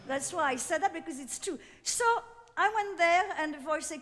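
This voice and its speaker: An older woman with a French accent, telling a story in a one-woman stage show, theatrical and animated, laughing between lines. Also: sits high, normal speed. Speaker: cabaret performer. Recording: reverberant theater hall.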